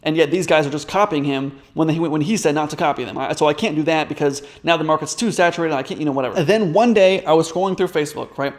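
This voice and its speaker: A man's voice: fairly high pitch, fast talker, hardly any pauses. A man telling a business story in a casual, rambling way, with many fillers and restarts. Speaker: business coach.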